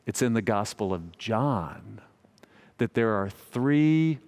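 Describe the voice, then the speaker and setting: A man, a pastor preaching a sermon and telling a humorous story in a gentle, self-mocking way. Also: lowish voice, lively intonation, slow pace.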